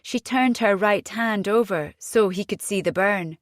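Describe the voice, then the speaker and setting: A woman with a mid-range voice narrates a thriller audiobook in a steady, measured reading. The scripted narration is clean studio sound with no echo.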